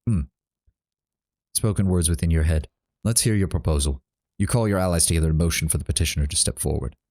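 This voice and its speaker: A man's voice: low-pitched, fast, a little mellow. A man streaming a role-playing game, chatting casually and reading game dialogue aloud.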